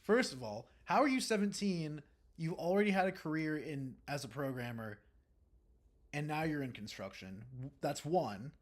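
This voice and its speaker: A young man streaming from home, talking in a loose, rambling way with plenty of "um"s and false starts. His voice sits at an ordinary mid pitch. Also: moderate pace. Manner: rambling and relaxed, many fillers and restarts. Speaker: livestreamer. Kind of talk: casual chat reading live comments.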